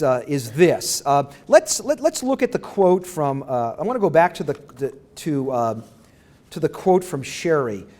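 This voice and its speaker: A man's voice: fairly high pitch, a little mellow. A middle-aged man giving an academic lecture, often restarting phrases and checking with the audience. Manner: rambling restarts, asks the audience "right?". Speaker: university lecturer.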